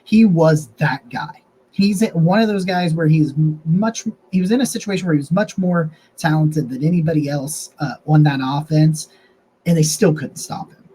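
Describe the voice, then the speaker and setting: A young man talks through draft picks in a loose, rambling way, stopping and restarting his sentences. His voice sits a little high for a man but sounds dark and mellow. Faint noise hangs behind him. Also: moderate pace, rough recording. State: has the hiccups. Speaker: sports podcast host. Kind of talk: casual sports analysis monologue.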